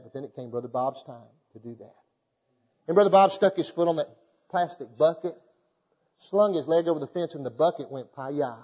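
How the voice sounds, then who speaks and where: A pastor preaching a sermon, moving from folksy storytelling into fervent, emphatic exhortation. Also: male voice, on the high side, darkish tone, long reverb tail, muffled recording.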